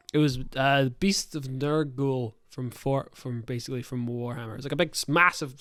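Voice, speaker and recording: A young man hosting a casual podcast, retelling a tabletop session in a loose, rambling way with plenty of swearing and restarts. His voice is smooth and clean, and it sits close and dry with almost no room sound. His pitch lands in an ordinary middle register. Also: fairly bright tone, no echo. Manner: rambling, profane storytelling with many self-corrections. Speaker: podcast host and game master.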